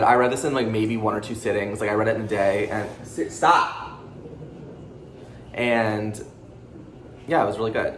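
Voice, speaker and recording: A man hosting his own book channel, talking fast and excitably through a casual monthly reading wrap-up, jittery from a pre-workout drink and swearing freely. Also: lowish voice. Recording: roomy echo with faint background noise.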